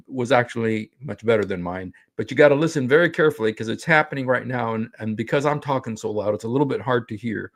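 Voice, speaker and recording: A middle-aged man excitedly retelling a street encounter in casual talk, laughing and restarting his sentences. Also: mid-range voice, gravelly. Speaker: street preacher recounting an outreach encounter. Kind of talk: casual talk over a played clip.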